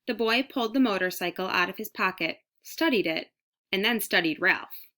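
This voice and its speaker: A woman narrating a children's storybook aloud, reading clearly at an even pace. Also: medium pitch, moderate pace. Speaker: audiobook reader.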